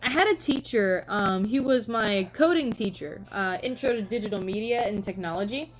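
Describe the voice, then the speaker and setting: A young woman with a medium-pitched, lively voice chats on a live stream at a normal pace, with slight background noise and a rough recording. She says hello to viewers and tells wandering stories thick with "like" and "um."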